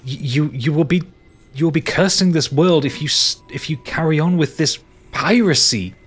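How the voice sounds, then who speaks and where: A proud, elegant lady on a desperate mission speaks in a lifted, commanding tone, as a game master puts her on. Her pitch climbs high when she insists. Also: normal speed, slightly rough, faint music behind. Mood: urgent. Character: haughty regal woman on a mission, desperate.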